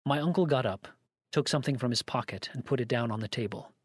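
Male narrator, steady storytelling read, mid pitch, dry close mic. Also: quick pace, breathy edge, no room sound. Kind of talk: audiobook narration.

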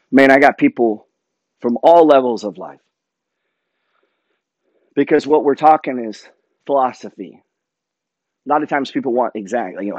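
A middle-aged man giving a blunt, profane motivational rant about money and work, swinging between loud jabs and low asides. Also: no room sound. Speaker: finance content creator.

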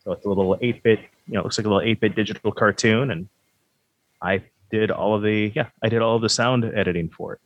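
A man's voice: lowish voice, steady tone, fast, no echo, dull audio. A man hosting a podcast, chatting casually in a rambling, self-deprecating, joking way. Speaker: podcast host.

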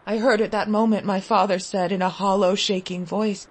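A woman giving a dramatic reading of a classic short story, moving from loud cries to hushed whispers. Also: medium pitch, steady tone, normal speed, hardly any pauses. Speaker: reader.

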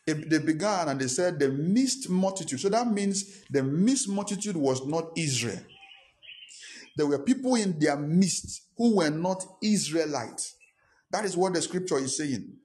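A man's voice: fairly high pitch, darkish tone. A pastor preaching a sermon, emphatic and repetitive, with rhetorical questions to his congregation.

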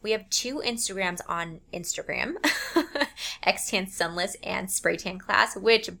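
An upbeat woman in her thirties hosts her own podcast, chatting freely and stopping to correct herself mid-sentence. Her pitch sits in an ordinary middle range for a woman. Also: slow pace, creaky, sharp tone. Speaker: podcast host. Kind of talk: casual solo podcast talk.

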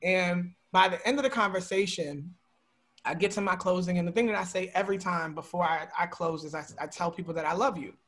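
A man's voice: high voice, fairly quick, a bit bright. A man from Baltimore telling a story in a casual conversation and acting out the people he quotes. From Baltimore, USA. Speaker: guest, community organizer.

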